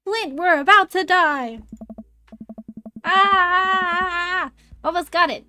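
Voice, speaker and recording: A woman's voice: high-pitched, expressive, measured pace, fairly bright tone, soft background music, pitched above the performer's own voice. A woman voicing a panicking male ghost-hunting trucker from a TV show within a game, hammy and frantic in her own voice.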